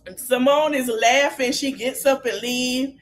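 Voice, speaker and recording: A woman podcast host casually recapping reality TV scenes, animated and laughing often as she retells what the cast said. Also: sits high, unhurried, a little hiss or hum.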